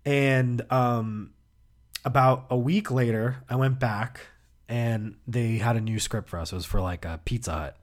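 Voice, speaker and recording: A man's voice: medium pitch, fairly even intonation, measured pace, dry recording, clean studio sound. A man hosting his own podcast, telling rambling, profane stories in a laid-back way. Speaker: podcast host. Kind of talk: casual comedic storytelling.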